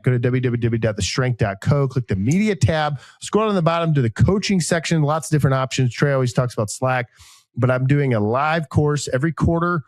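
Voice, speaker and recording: A man's voice: medium pitch, no echo. Rambling, joking male podcast host. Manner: joking, rambling, deadpan asides. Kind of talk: casual podcast banter with ad reads.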